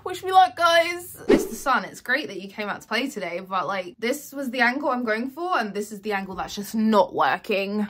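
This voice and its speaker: A woman's voice: fairly high pitch, background noise. Chatty British young woman book vlogger. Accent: British English. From Britain. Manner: chatty, gushing and dramatic. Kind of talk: casual reading vlog.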